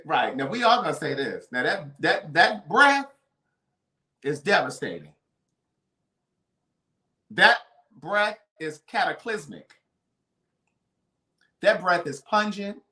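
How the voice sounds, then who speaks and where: A man's voice: high voice, sing-song, slow, long pauses, bright, forceful tone, reverberant. A man telling a story on a casual live stream. He talks dramatically and piles up vivid adjectives.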